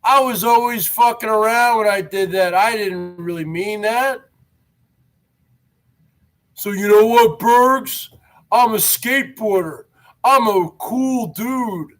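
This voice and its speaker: Taunting skater dude, bright and slow-talking, boastful and challenging, as a man puts him on. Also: sits high. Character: brash aging male skater, taunting and boastful.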